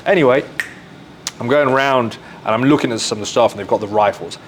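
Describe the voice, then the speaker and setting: An Englishman with an English accent, telling a story in casual talk on a live podcast, lively and full of "like" fillers, acting out what people said. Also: mid-range voice, fast, slight background noise. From England. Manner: animated, acts out quoted speech, full of "like" fillers. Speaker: podcast guest.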